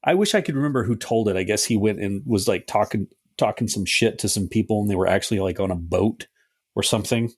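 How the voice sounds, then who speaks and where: A man's voice: fairly low pitch, fast, husky, no room sound, studio quality. A middle-aged man co-hosting a podcast in casual chat, swearing freely and joking as he tells stories. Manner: profane, joking, does mocking quoted voices. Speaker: podcast co-host.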